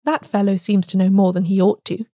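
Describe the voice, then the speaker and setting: A woman's voice: mid-range voice, little pitch movement, brisk, mellow, no echo, clean studio sound, lightly acted. A woman reading a story aloud, voicing a blunt, peevish male doctor in a plain tone. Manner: brusque, sulky.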